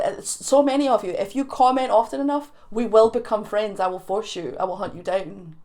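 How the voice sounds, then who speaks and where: A woman's voice: medium pitch, normal speed, a little mellow. A young woman with a Scottish accent hosting a chatty video channel, playful and teasing, laughing often between remarks. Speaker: YouTube reaction host. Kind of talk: chatty vlog to camera.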